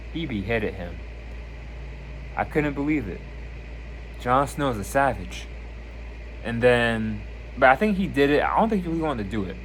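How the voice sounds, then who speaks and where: A man casually reviewing a TV season on his channel, retelling scenes with lively energy and acting out lines. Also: medium pitch, a little hiss or hum. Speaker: video reviewer.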